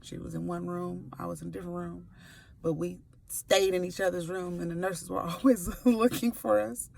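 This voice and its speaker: A woman's voice: on the low side, fairly even intonation, moderate pace, creaky, darkish tone, slight background noise. A woman in her forties telling her own story to camera, candid and playful, with slangy asides. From California. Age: 40s. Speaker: sickle cell advocate. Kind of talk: personal testimony to camera. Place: before work, recording a video.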